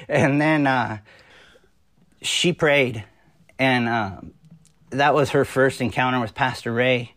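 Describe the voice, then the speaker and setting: A man's voice: medium pitch, steady tone, fairly bright tone, no room sound. Earnest pastor telling his testimony. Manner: earnest storytelling, halting with frequent fillers and restarts. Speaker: pastor, podcast guest. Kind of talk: personal testimony in a podcast interview.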